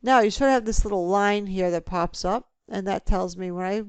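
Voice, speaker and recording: A woman teaching a spreadsheet lesson, talking through each click step by step in a relaxed way. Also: mid-range voice, brisk, clean tone, no room sound. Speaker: instructor. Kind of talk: screen-recorded software tutorial.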